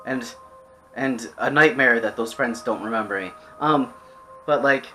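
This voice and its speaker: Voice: mid-range voice, unhurried, pushed and bright, soft background music. A person giving a casual, rambling, exasperated rant reviewing an anime, full of restarts and swearing.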